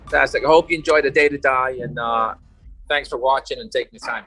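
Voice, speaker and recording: A man speaking casually over a video call from a coffee shop, rambling warmly and using lots of fillers. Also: mid-range voice, fast talker, slight background noise. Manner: warm-hearted, rambling, lots of fillers like you know. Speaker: actor guest. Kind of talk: casual interview.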